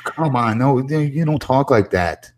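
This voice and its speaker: A man on a wrestling podcast panel, talking in an emphatic, animated way and often repeating words. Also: mid-range voice, measured pace, a little hiss or hum. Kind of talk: casual opinionated chat.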